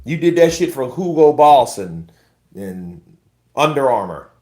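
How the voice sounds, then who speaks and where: A man's voice: medium pitch, very animated, unhurried, warm tone. A man hosting casual boxing commentary on a livestream, blunt and profane, talking to his chat as bro.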